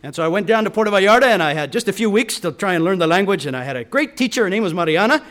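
A man's voice: high voice, animated, racing, fairly bright tone. A middle-aged man preaching a sermon, telling stories and acting out the people in them with big swings in emphasis. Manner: storytelling with quoted voices and wide swings in emphasis.

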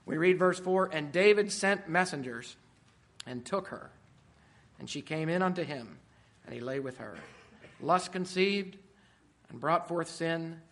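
A middle-aged man preaching a sermon, swinging from quiet asides to loud, emphatic peaks. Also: a little high, lively intonation, measured pace, pauses often.

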